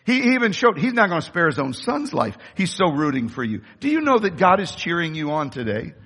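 A man preaching a sermon with impassioned delivery, rising to shouts at the high points. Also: very animated, a little fast. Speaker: pastor. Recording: long reverb of a large hall.

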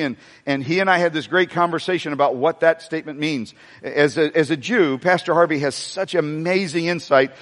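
A man delivers a sermon in a high, ringing voice, circling back over his words and calling out to the congregation. The sound carries a long reverb from a large church sanctuary. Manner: animated preaching with repetitions and asides to the congregation. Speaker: pastor.

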